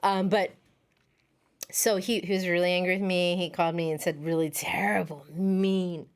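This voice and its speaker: A woman's voice: fairly low pitch, moderate pace, clear, resonant tone. A middle-aged woman, a podcast guest, telling family stories in casual chat and acting out the voices she quotes. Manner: animated storyteller, acts out quoted voices.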